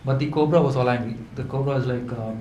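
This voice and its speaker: Halting man telling folk tales. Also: mid-range voice, fairly even intonation, darkish tone. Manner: halting, with many fillers and restarts. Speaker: storyteller. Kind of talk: live folklore storytelling. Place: event hall indoors. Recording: echoey room with faint hum.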